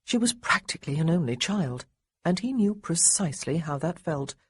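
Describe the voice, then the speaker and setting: A woman narrating an audiobook with lively, expressive storytelling. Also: on the low side, moderate pace, husky, dry recording. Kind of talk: scripted narration.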